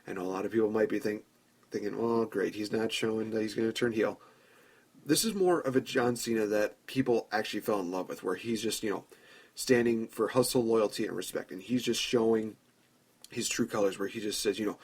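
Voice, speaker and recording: Husky low-voiced man chatting casually. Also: a little fast. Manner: chatty storyteller who acts out imagined dialogue. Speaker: podcast host. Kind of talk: casual fantasy-booking commentary.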